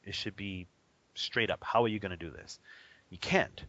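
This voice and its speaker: A man teaching about Buddhist practice in a casual, animated way, often laughing and acting out the people he quotes. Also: on the low side, normal speed, dry recording, lo-fi sound. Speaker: Buddhist teacher on a radio show.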